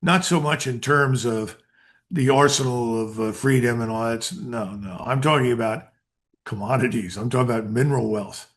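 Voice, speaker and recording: An older American man, a retired colonel, talks at normal speed in a medium-pitched voice. He is a guest in an interview, giving blunt, emphatic answers as commentary.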